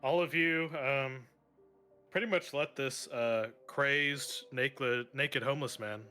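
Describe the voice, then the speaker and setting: A man's voice: mid-range voice, pushed and bright, smooth, soft background music. A man narrating as game master of a tabletop role-playing game, speaking hesitantly with many fillers and laughs. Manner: slow, hesitant, laughs often.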